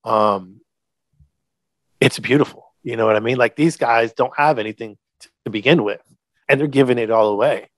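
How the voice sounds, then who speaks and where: A middle-aged man speaks as a podcast guest in an open, heartfelt storytelling manner. His voice sits in an ordinary male pitch, recorded dry with no room sound. He leans on words for emphasis and swears casually. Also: normal speed, no echo. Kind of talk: candid storytelling.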